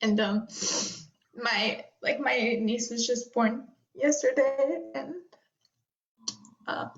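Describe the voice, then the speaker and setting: A woman's voice: on the high side, slow pace. A young woman talking in a conversation, close to tears, rambling with lots of fillers and nervous laughs. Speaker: guest. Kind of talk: emotional personal conversation. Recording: roomy, dull lo-fi sound.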